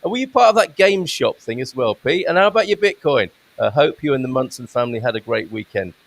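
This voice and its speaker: A man hosts a relaxed live-stream show over a video call, greeting viewers and reading their comments aloud. His voice sits in a middle pitch with a gravelly, creaky edge. He keeps the talk chatty and informal. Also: quick pace. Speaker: host. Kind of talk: casual live-stream chat. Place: home in Portugal.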